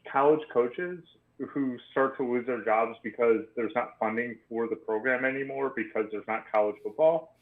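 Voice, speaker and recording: A man's voice: mid-range voice, roomy sound. A man co-hosting a casual sports podcast, laid-back and opinionated with joking asides. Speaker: podcast co-host. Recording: tinny phone-like line.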